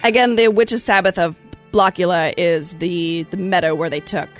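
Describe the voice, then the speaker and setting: A woman's voice: on the low side, moderate pace, soft background music. Woman casually retelling a witch trial. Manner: breezy, animated retelling with playful asides. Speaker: podcast host telling history stories. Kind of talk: casual storytelling chat.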